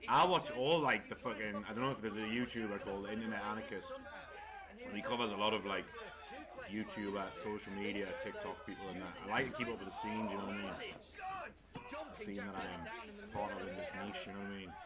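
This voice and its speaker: A man's voice: fairly low pitch, fast talker. A man hosting a casual watchalong stream, rambling and swearing freely. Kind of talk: casual chat. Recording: wrestling crowd noise behind.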